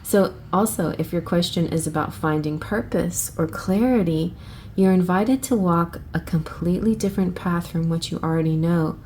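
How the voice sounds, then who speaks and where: A woman hosting a casual flip-through review of an oracle deck, chatty and excitable, thinking aloud and restarting her sentences. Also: fairly low pitch, normal speed, a little hiss or hum. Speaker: tarot channel host.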